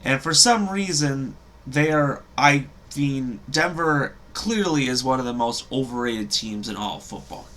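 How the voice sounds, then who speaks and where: A man's voice: medium pitch, unhurried, few pauses, a bit bright. A young man giving casual football predictions as a show host, rambling and hesitant with frequent ums and self-corrections. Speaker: sports podcast host.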